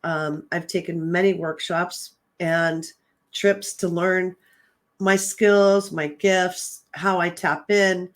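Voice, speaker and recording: A woman's voice: lowish voice, steady tone, slow pace. A woman hosting her own show, telling a personal story in a casual, chatty way. She retells conversations with lots of "I'm like" and "um", and sounds earnest and emotional. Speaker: host and psychic medium.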